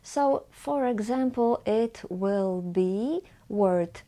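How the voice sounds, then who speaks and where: Slow, careful Polish-accented teacher. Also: female voice, mid-range voice, animated, mellow. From Poland. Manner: slow, careful, repeats each word twice. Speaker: language teacher. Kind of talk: pronunciation lesson.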